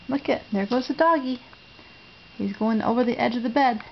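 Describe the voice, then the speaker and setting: A woman's voice: fairly high pitch, normal speed, vocal fry. A mother coaxing her toddler in exaggerated, sing-song baby talk at home. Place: home, on a bed. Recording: dull lo-fi home video with faint noise.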